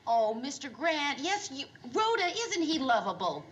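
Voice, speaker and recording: A woman's voice: high voice, very animated, unhurried, a bit bright, heavily acted. An actress playing a polite young woman who is worried about her boss, in a 1970s sitcom. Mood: cheerful. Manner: sweet, earnest, concerned. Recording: echoey noisy TV soundtrack with audience. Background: studio audience laughter.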